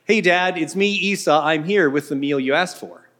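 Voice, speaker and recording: A man's voice: on the high side, normal speed, fairly bright tone, close to an everyday voice. A man voicing a sly, nervous young schemer with a wheedling manner. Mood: insistent.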